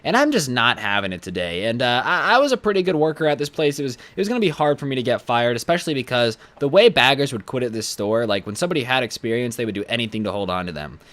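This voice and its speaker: A man's voice: mid-range voice, sing-song, fast talker, hardly any pauses, a bit bright. Young guy rambling thru a storytime vlog, blunt, keeps restarting lines. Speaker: YouTuber.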